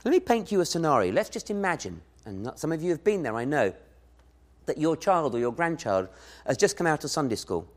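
A man preaching a sermon, telling a Bible story in an animated way and acting out the voices he quotes. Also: fairly high pitch, fairly quick.

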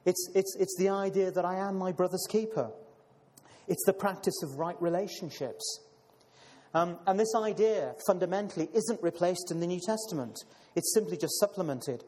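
A man reads scripture and preaches a sermon, addressing listeners as brothers and sisters, his speech full of fillers and repeated words. His voice sits high and mellow at a normal speed. A long hall reverb surrounds the recording.

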